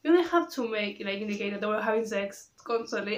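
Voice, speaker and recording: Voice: medium pitch, animated, fast. Rambling vlogger, roomy sound. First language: Spanish. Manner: rambling, restarts a lot, gets worked up when ranting. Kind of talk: casual opinion chat.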